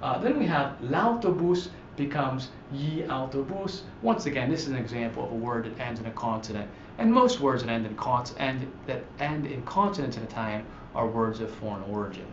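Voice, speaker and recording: Male language teacher, patient and halting, stretches out examples; echoey, dull, slightly hissy recording. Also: mid-range voice, expressive. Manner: patient, explains slowly with many fillers and restarts; stretches out example words for emphasis. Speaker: Italian teacher. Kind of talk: slide-based grammar lesson. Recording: echoey room, dull audio, faint hiss.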